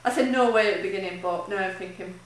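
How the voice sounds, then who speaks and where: A woman keeping a video diary as a charity runner talks very fast in a mid-range voice, chatty and emotional and rambling with fillers. The recording carries a little hiss or hum, and the mic is distant in a very echoey room.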